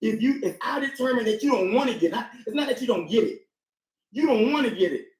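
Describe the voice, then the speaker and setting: A man's voice: extremely high pitch, expressive, fast talker, echoey room, poor audio. A man speaking as a guest in a casual panel discussion, hammering his points home and repeating key words for emphasis.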